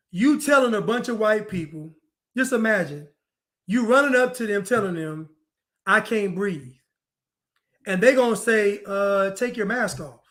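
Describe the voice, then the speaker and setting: High-pitched and a bit bright, this man's voice carries a mocking, preachy monologue of commentary. He hammers points by repeating phrases and mimics what others say.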